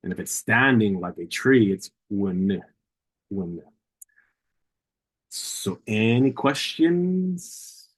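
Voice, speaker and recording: A man's voice: on the low side, lively intonation, extremely slow, long pauses, slightly rough, rough recording. A man teaching a language lesson, patiently repeating each word several times to model its pronunciation.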